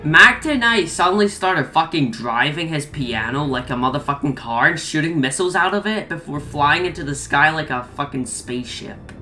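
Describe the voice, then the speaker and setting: Woman story reader, bright tone, sarcastic and profane commentary. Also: low-pitched, lively intonation, normal speed, few pauses, slight background noise, rough recording. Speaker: creepypasta reader. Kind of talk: comedic story reading with commentary.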